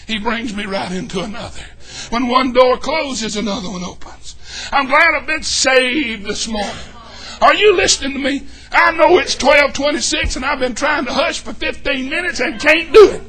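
A man preaching a fervent, folksy sermon in a church, shouting and whooping as he jokes with the congregation. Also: extremely high pitch. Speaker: pastor.

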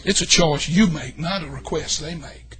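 An older man preaching a folksy sermon, swinging between shouts and hushed asides. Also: a little high, normal speed, breathy edge. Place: church.

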